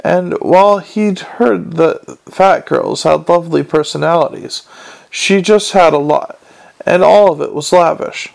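A man's voice: fairly high pitch, unhurried, creaky, darkish tone. A man narrating an audiobook in a dry, wry storytelling manner. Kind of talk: scripted narration.

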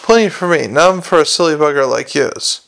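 A man's voice: a little high, expressive, moderate pace, vocal fry, a bit bright. A man reading aloud and voicing a tiny, fierce, mercenary male gnome. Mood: blunt.

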